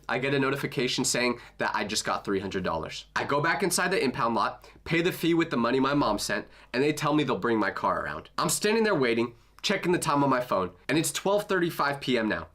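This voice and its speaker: A young man telling a comedic true story in an animated, self-mocking way, with punchy jokes. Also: mid-range voice.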